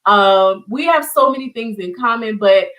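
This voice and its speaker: A woman's voice: on the high side, normal speed, a bit bright, poor audio. A woman hosting an online community show, speaking with heartfelt emotion and often repeating her words. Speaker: host. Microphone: video call.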